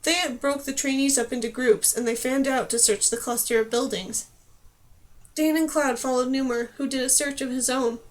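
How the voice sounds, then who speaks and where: A woman narrating a fantasy novel as an audiobook reader. Her voice sits high, and she tells the story in a steady, clear way. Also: normal speed. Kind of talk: scripted narration.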